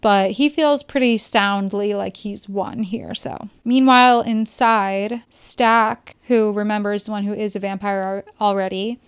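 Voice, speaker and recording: Woman, podcast host, casual film review, chatty, thinking aloud, lots of "like", smooth clear voice, mid pitch. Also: steady tone, measured pace, few pauses.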